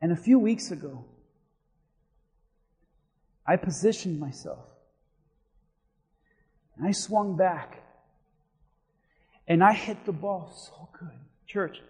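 A man, a pastor, preaching a sermon and telling a story in an animated way, dropping to a hush and rising to shouts. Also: fairly high pitch, breathy edge, big-room sound. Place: church sanctuary.

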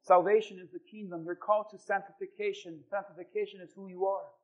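A male pastor with a high voice delivers a sermon to his congregation. He tells stories with animated energy and acts out the voices of the people in them. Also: fast, muffled recording. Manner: animated storytelling, acting out quoted voices. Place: church.

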